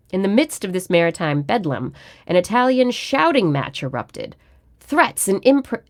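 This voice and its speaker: A woman at home reading a book chapter aloud as a storyteller, in a steady, measured delivery. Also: medium pitch.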